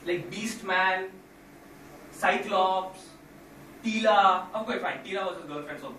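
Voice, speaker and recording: A male stand-up comedian telling an animated routine to a live audience, with sudden loud impressions. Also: high-pitched, slow pace, long pauses. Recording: echoey room from far off with noise.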